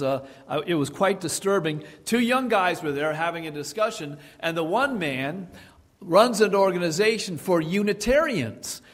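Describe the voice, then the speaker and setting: A man preaching a sermon, emphatic and repeating key phrases for his congregation. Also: a little high. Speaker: pastor. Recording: long hall reverb.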